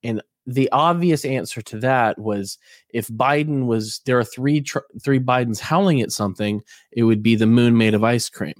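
A man co-hosting a casual podcast, telling stories with animated indignation. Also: medium pitch, moderate pace, dry recording, studio quality. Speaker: co-host.

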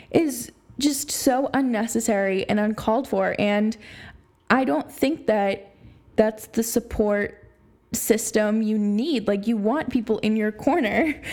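A young adult woman hosting a solo sports podcast, talking in an animated way with many fillers like "you know" and "like". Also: on the high side. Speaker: podcast host.

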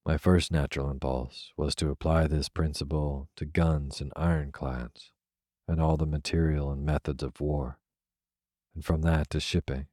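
A man reading a classic novel aloud as a soft, unhurried bedtime story. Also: rumbling low, no room sound, studio quality. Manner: soft, even, unhurried delivery. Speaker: narrator. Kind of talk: slow, soothing sleep-story reading.

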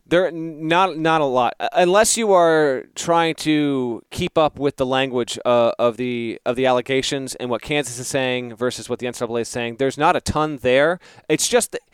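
A man reporting as a guest on a casual sports podcast, explaining in a measured way and trailing off softly. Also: mid-range voice, clear, resonant tone, dry recording, clean studio sound.

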